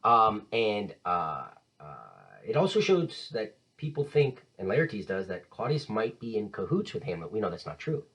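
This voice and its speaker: A man's voice: lowish voice, very animated, a little slow, a bit bright, breathy edge, rough recording. A man teaching a casual literature lesson, enthusiastic and conversational, retelling scenes in modern slang.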